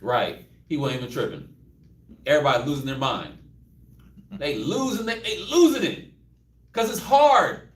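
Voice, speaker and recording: Animated Texan Bible teacher, high voice. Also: male voice, normal speed, pauses often. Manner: animated, joking, acts out scenes. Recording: roomy, distant mic.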